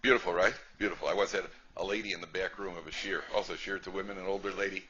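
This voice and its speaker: A man's voice: deep voice, steady tone, fast, sharp tone. A male rabbi giving a humorous class, chatty and repetitive, often asking the audience "right?". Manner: chatty, repeats phrases, asks "right?". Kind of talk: humorous lecture storytelling. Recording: dull lo-fi lecture recording, faint noise.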